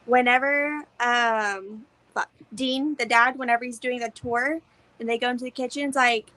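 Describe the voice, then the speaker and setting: A woman's voice: on the high side, a little slow, a bit bright, dry recording, poor audio. A young woman co-hosting a podcast, chatting casually about a movie, swearing freely and acting out scenes. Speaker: podcast co-host.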